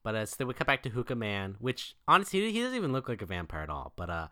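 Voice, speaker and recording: Laid-back male co-host recapping a movie, lively pitch, bright tone, dry mic. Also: very fast, no room sound. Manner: laid-back, recaps plot with filler words. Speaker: podcast co-host. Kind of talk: casual movie recap chat.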